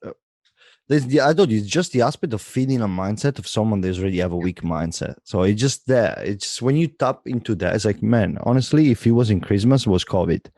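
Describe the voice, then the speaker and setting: A man in casual podcast chat about sales, halting with loose grammar and fillers. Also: lowish voice, animated, mellow, dry recording, studio quality.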